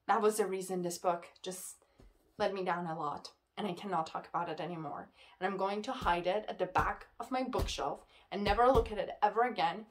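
A woman talks through her month's reading in a loose, chatty vlog review. She gets worked up and rants, with "like" scattered all through her talk. Her voice sits at an ordinary middle pitch. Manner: excitable, ranting, heavy use of "like". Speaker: book reviewer. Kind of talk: casual book wrap-up vlog.

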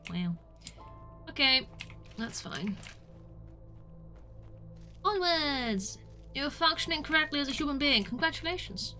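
With a high, pushed, bright voice, a young woman from the UK gives chatty commentary while gaming. Getting attacked draws squeals from her, and she keeps making self-deprecating jokes.

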